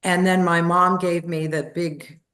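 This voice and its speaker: An older woman in her seventies, a guest on a podcast, recounts memories with lively storytelling energy. Her voice sits slightly low and she slips into little voices for the family members she quotes. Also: a little slow. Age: 70s.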